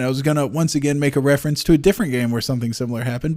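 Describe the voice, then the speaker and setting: A man's voice: mid-range voice, lively intonation, very fast, darkish tone. A man from Florida with a neutral accent, chatting about games at home in a joking, irreverent way, swearing freely and slipping into mock rants. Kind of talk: casual gaming chat.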